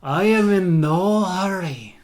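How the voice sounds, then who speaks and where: Man doing a drawling mock-Russian lover, slow and a bit loud, for fun. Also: sits high, voice pushed up. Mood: smug. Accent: put-on Russian. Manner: drawling, heavy put-on accent. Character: slow Russian male lover, smug and unhurried.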